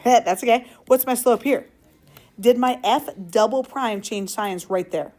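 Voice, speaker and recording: A woman's voice: fairly high pitch, unhurried, darkish tone, soft background music. A woman teacher leading a classroom lesson, upbeat and playful, asking the class questions as she works through problems.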